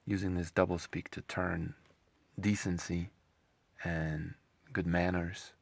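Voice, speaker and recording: A man's voice: deep voice, little pitch movement, takes it slowly, vocal fry, no echo. A man hosting an opinionated commentary monologue, sarcastic and scornful, often rambling and repeating himself. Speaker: commentary channel host.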